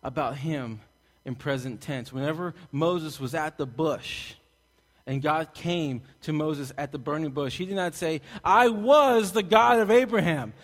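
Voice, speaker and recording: Man from Texas, sermon, animated, loud-soft swings, echoey hall. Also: on the high side, a little slow. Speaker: pastor. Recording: long hall reverb.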